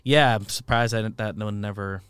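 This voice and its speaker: A man co-hosting a podcast, explaining his picks in a measured, hesitant way. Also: fairly low pitch, steady tone, fairly bright tone, smooth, dry recording. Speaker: podcast co-host. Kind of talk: casual banter.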